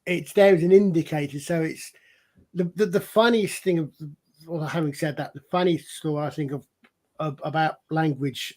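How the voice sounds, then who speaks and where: A man's voice: fairly high pitch, darkish tone. A man co-hosting a casual chat show, explaining things at length in a rambling, storytelling way. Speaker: podcast co-host.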